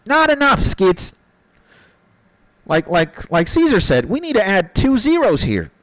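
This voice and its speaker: A man's voice: sits high, wildly swooping pitch, slow pace, dry recording, low-quality recording. A man streaming a game, chatting loosely with his viewers in a rambling, slangy way. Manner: rambling, slangy, calls chat "bro" and "my G". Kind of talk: casual chat with viewers while gaming.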